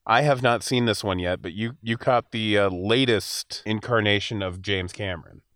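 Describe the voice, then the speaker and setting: A man's voice: fairly low pitch, moderate pace, a bit bright, no room sound, clean studio sound. A man hosting a podcast, giving frank, opinionated movie reviews in casual chat. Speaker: podcast host.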